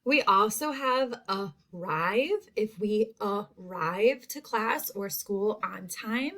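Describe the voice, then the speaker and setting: A woman teacher giving a recorded spelling lesson to young students, saying each word slowly and clearly. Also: mid-range voice, expressive, fairly bright tone. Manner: slow, clear word-by-word enunciation.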